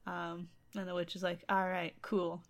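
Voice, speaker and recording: A woman's voice: on the low side, monotone, moderate pace. A woman co-host casually retelling a folk tale, with wry, sarcastic asides. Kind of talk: casual comedic storytelling.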